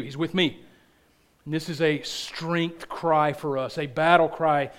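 An earnest male preacher delivering a sermon in church. His voice sits a little higher than most men's, and he leans on repeated phrases, often sinking soft at the close of a line. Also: fairly even intonation, unhurried.

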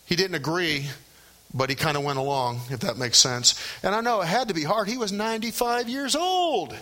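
A man's voice: high-pitched, animated, moderate pace, sharp tone. A middle-aged male pastor preaching a sermon in a conversational way, often checking in with rhetorical questions.

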